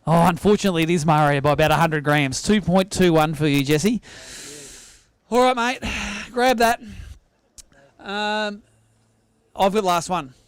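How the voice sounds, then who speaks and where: An Australian man hosting a fishing weigh-in, bantering in an energetic, teasing way. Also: sits high, smooth, no echo. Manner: energetic, teasing, quick-talking. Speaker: weigh-in host. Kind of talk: live tournament emcee banter. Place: outdoor weigh-in stage at a sailing club.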